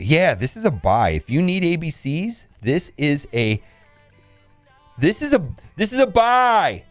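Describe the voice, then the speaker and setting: A man hosting a casual game video, reviewing store offers with blunt verdicts and laughs. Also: mid-range voice. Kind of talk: casual commentary.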